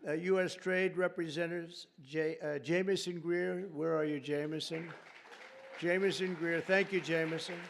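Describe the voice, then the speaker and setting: A man's voice: on the high side, fairly even intonation, moderate pace, gravelly, slight background noise. A man giving a ceremonial speech at a formal reception, chatty and rambling, breaking off for off-script jokes aimed at the audience. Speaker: speaker at a reception. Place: large formal reception room.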